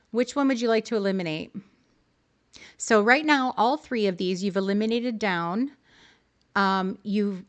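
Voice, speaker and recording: In a smooth, medium-pitched voice, a woman leads a live stream on game decorating. She helps viewers decide on decorating choices in a friendly, upbeat manner, replying to chat as she goes.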